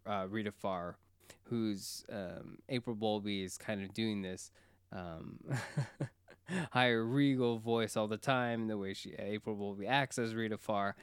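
Smooth-voiced man rambling through a recap. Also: lowish voice, no echo, clean studio sound. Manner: rambling, enthusiastic, frequent fillers. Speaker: podcast co-host. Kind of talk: casual TV recap chat.

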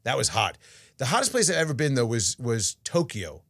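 A middle-aged man co-hosting a podcast, telling a story in casual chat with animated delivery and frequent restarts. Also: medium pitch, fairly quick, no room sound, studio quality. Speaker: podcast co-host.

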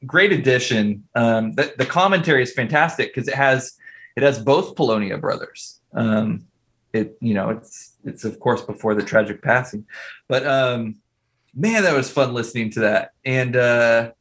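A man's voice: medium pitch, measured pace, fairly bright tone. A man co-hosting a podcast in casual chat, eager and chatty. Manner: eager, chatty, pleading jokingly. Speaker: podcast co-host.

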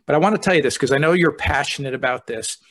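A man's voice: a little high, fast, a bit bright. A man who is a deputy fire chief, telling stories earnestly and easily in a casual podcast chat.

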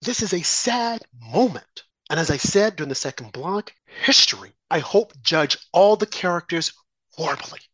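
A man's voice: on the high side, expressive, normal speed, a bit bright, slightly rough, no echo. A man hosting a political talk show, delivering an impassioned commentary monologue full of rhetorical questions and mocking asides.

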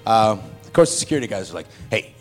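A man on a convention panel telling long stories, lively and acting out the voices of the people he quotes. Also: on the low side, very fast, soft background music. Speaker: panel guest actor.

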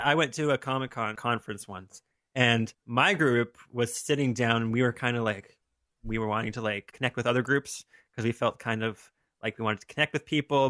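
A man's voice: mid-range voice, bright, forceful tone, no room sound. Young guy podcast cohost, giggly, rambles, dry close sound. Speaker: podcast co-host. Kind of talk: casual chat.

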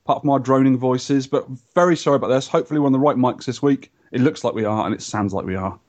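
A man's voice: mid-range voice, quick pace, a little mellow, muffled recording. A man hosting a podcast, chatting in a jokey, enthusiastic, rambling way. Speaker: podcast host. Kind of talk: casual chat.

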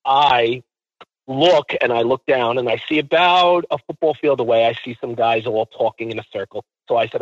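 A man telling a travel story in casual chat, relaxed and conversational. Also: medium pitch, normal speed, dry recording. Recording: dull, dry sound.

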